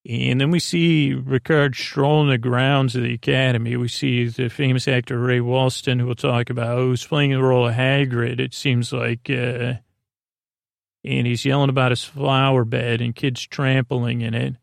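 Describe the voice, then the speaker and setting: Man, podcast host, rambling recap, gravelly, dry close sound. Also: medium pitch, flat delivery, moderate pace, no echo. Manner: loose, rambling retelling with offhand jokes. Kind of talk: casual episode recap.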